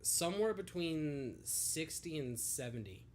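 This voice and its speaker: A man's voice: on the high side, measured pace, a little hiss or hum. A young man co-hosting a podcast, chatting casually and swearing freely, often laughing. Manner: relaxed, profane, laughs often. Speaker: podcast co-host. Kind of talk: casual chat.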